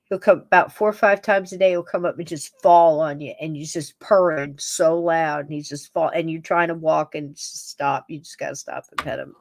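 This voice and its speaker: A woman hosting a paranormal podcast, talking casually and warmly. She rambles from one thought to the next and laughs often. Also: low voice, fairly even intonation, normal speed, hardly any pauses. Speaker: podcast host. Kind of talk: casual chat, talking to her pets on camera.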